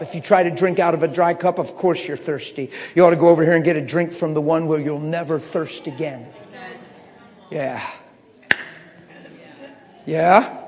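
A middle-aged male preacher telling his testimony in a slightly high voice, dropping to a near-mutter and then rising to impassioned shouts. His words ring out with a long hall reverb, as if in a church hall. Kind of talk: sermon testimony storytelling.

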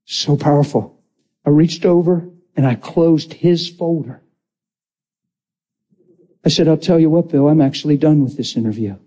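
A man preaching a lively testimony, acting out the voices in his story and laughing often. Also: on the high side, moderate pace, long pauses, slightly rough, lo-fi sound. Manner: animated, acts out quotes, laughs often. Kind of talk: sermon storytelling.

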